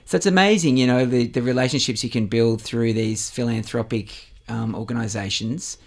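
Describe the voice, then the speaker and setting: A man's voice: mid-range voice, normal speed. A middle-aged man, a musician guest in a radio interview, talking earnestly with many ums and uhs.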